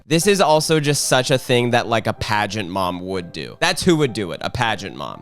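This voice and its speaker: A man hosting a comedy reaction video, mocking clips in a sarcastic, animated way. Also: medium pitch.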